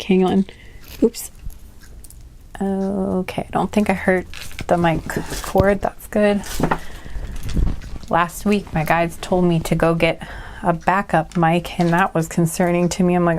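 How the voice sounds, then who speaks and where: A woman's voice: lowish voice, fairly even intonation, unhurried, a little mellow, a little hiss or hum. A woman giving a casual tarot card reading, chatty and rambling, often apologizing and laughing at herself. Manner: rambling, apologetic, self-deprecating. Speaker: tarot reader.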